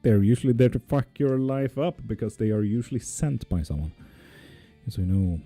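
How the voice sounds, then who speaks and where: Male tarot streamer, mellow and dark, casual live chat, dry close mic, soft guitar bed. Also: mid-range voice, moderate pace. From not Swedish. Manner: relaxed, reads out comments and answers them, swears casually.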